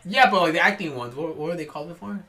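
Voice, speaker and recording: Man in his thirties, comedy podcast host, bright tone, lively swooping pitch, laughs a lot, trips over words. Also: very fast, soft background music. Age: 30s. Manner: animated, laughs often, stumbles over words. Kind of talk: casual comedic banter.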